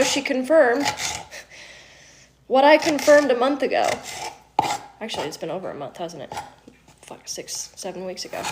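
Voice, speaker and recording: A livestream host cooks in her home kitchen, chatting in a fairly high voice with slight background noise behind her. Eyes watering from onions, she laughs often and swears from time to time.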